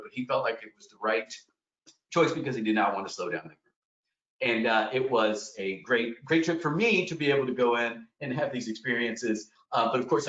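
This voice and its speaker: A man's voice: a little high, fairly bright tone. A man working as a wilderness expedition guide, telling trail stories in a webinar in an earnest, emphatic way with some fillers. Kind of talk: storytelling webinar presentation. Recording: roomy, distant, dull webinar audio.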